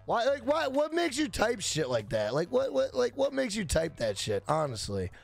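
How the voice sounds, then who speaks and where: A young man streaming a game, loud and brash, yelling and swearing as he answers his chat. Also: high-pitched, huge pitch swings, normal speed, gravelly, faint music behind. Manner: loud, yells to be heard; brash and profane, reads chat aloud. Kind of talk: casual live-stream chat.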